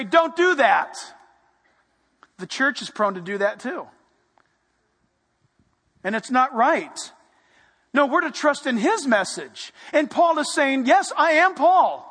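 A man preaching a sermon, animated and playful, dropping to a hush for emphasis. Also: very high-pitched, big-room sound. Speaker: pastor.

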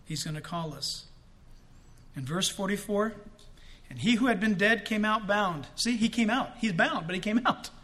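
A man preaching a sermon in an animated way, breaking into shouts for emphasis and joking as he goes. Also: high voice, normal speed. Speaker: pastor.

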